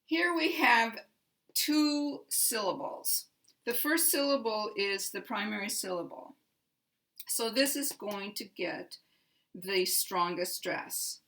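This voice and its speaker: An American woman teaching English pronunciation, explaining slowly and modeling example sentences with careful stress. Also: medium pitch, a bit bright. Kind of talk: slow, clear instructional explanation.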